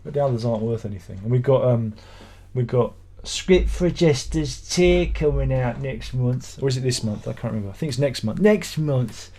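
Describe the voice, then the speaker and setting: A man's voice: mid-range voice, moderate pace, few pauses, warm tone. A middle-aged man hosting a casual live stream from home, reading out viewer comments and answering in a rambling, sardonic, grumbling way. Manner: rambling, sardonic and grumbling, with mock-exasperated asides.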